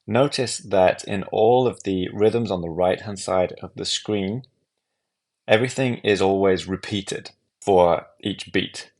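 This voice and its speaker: A man with a deep voice and a gravelly edge talks through an app tutorial. He explains one step at a time, calm and methodical. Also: slow pace. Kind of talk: screen-recorded software walkthrough.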